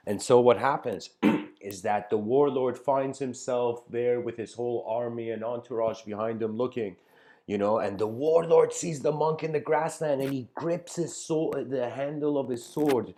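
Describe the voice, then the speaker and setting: A man's voice: medium pitch, unhurried, warm tone. A man giving a spiritual lecture, telling a story in a loose, conversational way with many fillers. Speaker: spiritual teacher.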